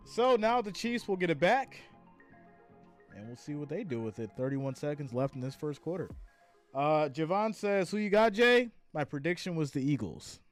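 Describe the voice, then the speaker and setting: A tired man hosting a live stream, calling the plays and reading viewer comments aloud in a chatty, laughing way. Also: on the high side. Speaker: live stream host doing play-by-play. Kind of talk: casual live play-by-play and chat reading.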